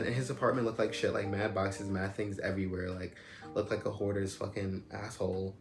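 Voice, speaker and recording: A man's voice: lowish voice, flat delivery, a little fast. A young man casually telling a personal story, rambling with lots of "like" and "you know what I'm saying". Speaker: storyteller recounting a personal experience. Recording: roomy echo with loud music behind.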